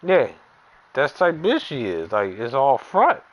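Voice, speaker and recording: A man's voice: medium pitch, normal speed, highs cut off. A man streaming a baseball game, bluntly telling a profane story in casual talk. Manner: blunt, profane, animated retelling. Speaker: gaming streamer. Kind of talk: casual storytelling while playing.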